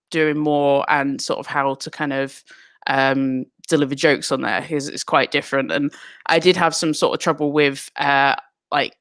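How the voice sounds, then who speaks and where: A low-voiced woman, a comic guest on a video call, chats hesitantly, giggling and filling pauses with ums. Her sound is close and dry, with no room around it. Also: a bit bright, no echo. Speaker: comedian guest. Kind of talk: casual interview chat.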